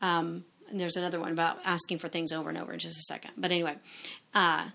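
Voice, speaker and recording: A woman's voice: lowish voice, level tone, fast, gravelly, bright, forceful tone. A woman giving parenting advice in a casual instructional talk, conversational, with frequent fillers and rhetorical questions.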